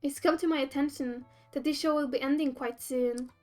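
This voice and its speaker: A woman's voice: high voice, steady tone, brisk, darkish tone, faint music behind, natural voice. A woman reading a cheerful, slightly formal young woman who bakes, in a dating game. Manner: polite, slightly formal phrasing.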